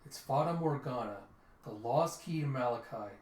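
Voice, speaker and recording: A man's voice: medium pitch, animated, normal speed, darkish tone, lightly acted. A man reading aloud and voicing a cynical male hacker and professional thief, blunt and sarcastic, recorded in a roomy space. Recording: roomy echo.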